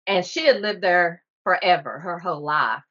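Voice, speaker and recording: A woman's voice: fairly low pitch, expressive, normal speed, fairly bright tone. A middle-aged woman from Texas, a podcast guest telling a story earnestly and vividly, with small laughs. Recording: slightly muffled podcast audio.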